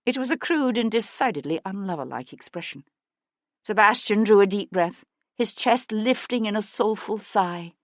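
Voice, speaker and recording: A woman narrating a historical mystery audiobook in a measured, expressive storytelling manner, close to the mic. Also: medium pitch, no room sound. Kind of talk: scripted narration.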